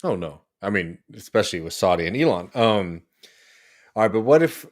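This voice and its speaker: A man's voice: fairly low pitch, very animated, normal speed. A man co-hosting a political podcast, speaking hesitantly with frequent fillers, sighs and restarts. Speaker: podcast co-host. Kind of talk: casual political chat.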